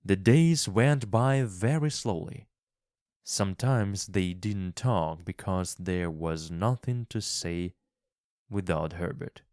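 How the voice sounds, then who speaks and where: A man slowly reading a graded English story aloud, clearly enunciating each phrase. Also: low voice, a little mellow, dry recording, studio quality. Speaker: narrator of a graded English reader. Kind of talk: slow, expressive storybook reading.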